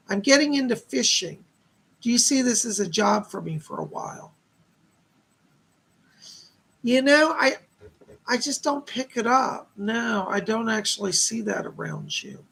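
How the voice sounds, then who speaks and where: A man's voice: extremely high pitch, big pitch swings, normal speed, vocal fry, sharp tone, slightly rough. A man hosting a live stream of psychic readings, chatty and upbeat, reading viewer comments aloud and thanking donors.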